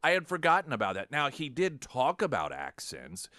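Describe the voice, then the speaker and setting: Pitch swoops wildly in this man's medium, bright, forceful voice as he talks at a moderate pace with no echo. He's a studio talk radio host offering sarcastic, mocking political commentary, frequently restarting his lines.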